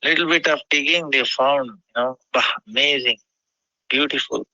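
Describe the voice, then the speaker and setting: A man telling a devotional story in a halting way, often pausing with "you know". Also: medium pitch, sharp tone, no room sound, dull audio.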